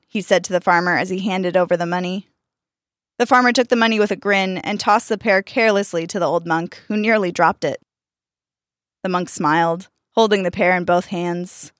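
A woman's voice: medium pitch, brisk, no room sound, studio quality. A woman narrating a scripted folk tale expressively, voicing each character. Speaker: storyteller.

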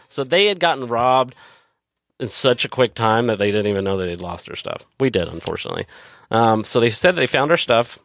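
A man's voice: medium pitch, animated, a little fast, a bit bright, no room sound, studio quality. A man telling a long personal story as a guest, casually, with many fillers and restarts.

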